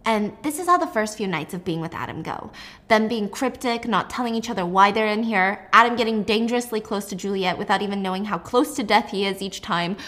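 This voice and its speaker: A young woman casually recapping a novel in a gossipy, animated way, full of fillers like "like". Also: mid-range voice, brisk. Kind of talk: casual chatty book recap.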